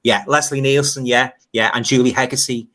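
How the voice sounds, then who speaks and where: A man's voice: mid-range voice, fairly even intonation, a little fast, fairly bright tone. An older man from Liverpool with a Scouse accent, hosting a casual livestream chat and reading out viewer comments, repeating phrases as he talks. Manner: chatty, repeats phrases and fillers. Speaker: livestream host.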